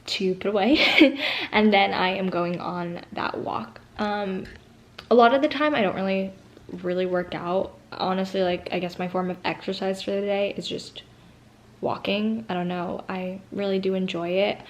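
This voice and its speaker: A woman's voice: mid-range voice, moderate pace, a little hiss or hum, rough recording. A young woman and student talking casually to her viewers in a day-in-my-life vlog, chatty and full of "like" fillers. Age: young adult. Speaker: vlogger.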